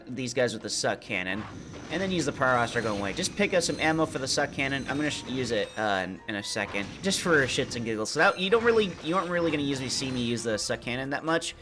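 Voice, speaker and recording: A man with a congested voice, casually talking through a video game as he plays and explaining each step. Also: mid-range voice. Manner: laid-back, chatty, explains as he plays. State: congested, under the weather. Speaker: gameplay commentator. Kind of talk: casual let's-play commentary.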